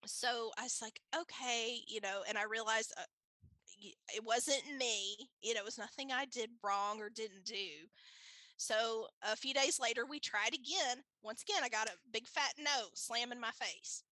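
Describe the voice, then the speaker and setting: A chatty woman with a bright, slightly high voice talks through a personal story in a relaxed interview, laughing easily and leaning on fillers. The recording is close and dry, with no room sound. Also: moderate pace, no echo, poor audio. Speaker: guest.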